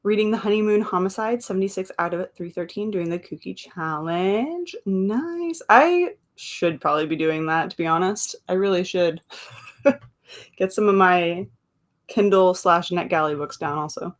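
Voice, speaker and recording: A woman's voice: fairly low pitch, moderate pace. A woman hosting a casual live stream, reading viewer comments aloud and chatting between them, laughing often and drifting into asides. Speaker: livestream host.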